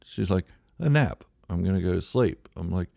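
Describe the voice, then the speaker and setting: A man telling a funny true story in an excitable, exaggerated way, swinging between loud outbursts and low mutters. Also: a little fast, vocal fry, no echo, clean studio sound. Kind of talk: comic true-story monologue.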